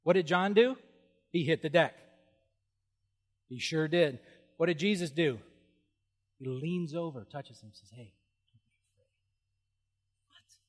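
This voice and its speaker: A middle-aged male pastor preaching with lively humor and frequent exclamations of awe. His voice sits a little higher than most men's and rings with the long reverb of a big hall. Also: measured pace, pauses often. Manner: animated, humorous, exclaims "whoa". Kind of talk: sermon.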